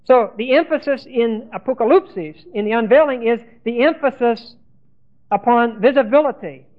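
A man's voice: extremely high pitch, normal speed. A man teaching a Bible lesson, spelling out Greek words letter by letter and repeating key terms. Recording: tinny phone-like lo-fi recording.

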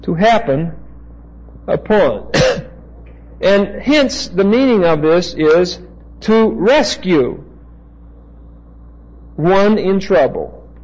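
A man teaching a Bible passage as a preacher, slow and deliberate, pausing to spell out Greek words. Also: high voice, animated, a little mellow, highs cut off.

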